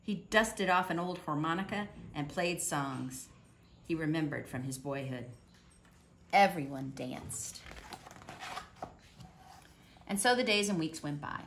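A woman calmly reading a children's picture book aloud. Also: deep voice, unhurried, pauses often, a little hiss or hum. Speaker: storybook reader.

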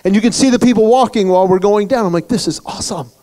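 A man giving a humorous motivational speech, telling stories in an animated way to a luncheon crowd in a banquet hall. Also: high voice, racing. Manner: storytelling, animated. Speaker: guest speaker.

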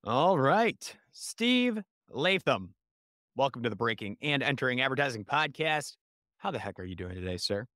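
A man's voice: medium pitch, normal speed, no echo, clean studio sound. A man with a Chicago accent hosting an advertising podcast, upbeat and playful as he interviews a guest. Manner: energetic, playful, hyped. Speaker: podcast host.

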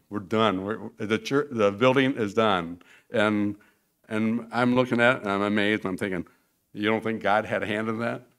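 Low-voiced man telling mission stories. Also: fairly even intonation, normal speed, a bit bright. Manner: rambling storyteller, acts out quotes. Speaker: church member giving a mission report. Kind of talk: informal slideshow talk to a congregation. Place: church sanctuary.

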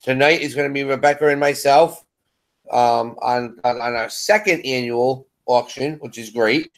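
A man's voice: medium pitch, moderate pace. A man co-hosting a casual live stream, laid-back and laughing along while announcing the schedule. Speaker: co-host.

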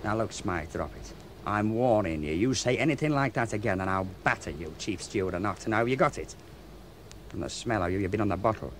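A man's voice: fairly low pitch, lively intonation, fairly quick, a little hiss or hum, natural voice. An actor playing a grudge-holding able seaman in a radio play, taunting and threatening a ship's officer.

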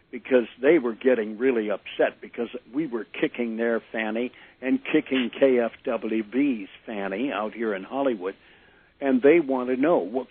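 Older male former DJ guest, animated storyteller, husky tone, dry, phone-line audio. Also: medium pitch, no echo. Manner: animated anecdote teller, acts out quotes. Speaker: former disc jockey, guest. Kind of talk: storytelling interview. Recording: tinny phone-line sound.

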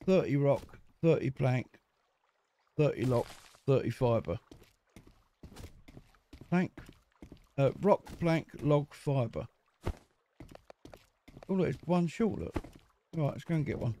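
Jokey male gaming host, lively up-and-down delivery, mellow tone. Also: medium pitch, takes it slowly, long pauses, slight background noise. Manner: chatty, jokey, talks to himself while playing. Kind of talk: casual let's-play commentary.

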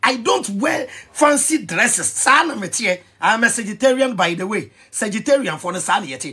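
A Ghanaian man ranting in an animated vlog commentary, excitable and mixing pidgin with Twi. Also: high voice, moderate pace, husky. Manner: excitable, switching between pidgin and Twi, shouting and laughing. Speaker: vlogger.

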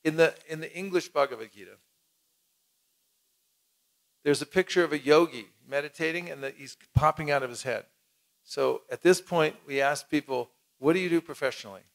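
A man's voice: on the high side, normal speed, vocal fry, long pauses. A man leading a teaching seminar, talking casually and acting out demonstrations. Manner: casual, demonstrative, plain-spoken.

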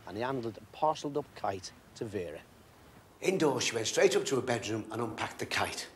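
A man reading a storybook aloud in an expressive, measured way. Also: mid-range voice, a little hiss or hum.

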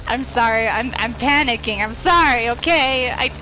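A woman giving live gaming commentary while playing with friends, excitable and panicky, laughing often. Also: a little high, moderate pace, a little hiss or hum, poor audio. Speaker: gamer streaming with friends.

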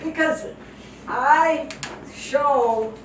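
A woman's voice: high-pitched, very slow. An older woman giving a heartfelt testimony sermon as a missionary guest speaker, repeating phrases for emphasis. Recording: echoey hall from far off, noisy.

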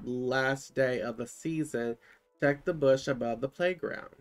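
A man's voice: mid-range voice, a little slow. A man casually commentating his own gameplay, thinking aloud and exclaiming at what he finds. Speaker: gaming channel host. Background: game music.

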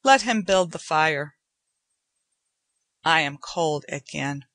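A woman's voice: low-pitched, lively intonation, fairly bright tone, no echo, voice pushed down, heavily acted. A woman reading aloud, voicing an aging male cat who speaks as a grave, formal father. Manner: slow, formal, solemn.

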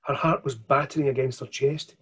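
Husky man reading a children's story. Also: mid-range voice, fairly even intonation, fairly quick, a bit bright. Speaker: children's author. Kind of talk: reading aloud and interview answers. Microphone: video call.

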